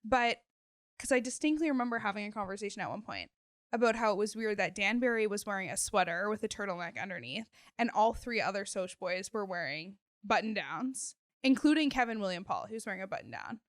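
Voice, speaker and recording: A woman's voice: medium pitch, fairly quick, no room sound, clean studio sound. A young woman, a guest on a podcast, chatting enthusiastically and full of filler words. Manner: enthusiastic, fillers, animated retelling. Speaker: guest co-host. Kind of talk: casual chat.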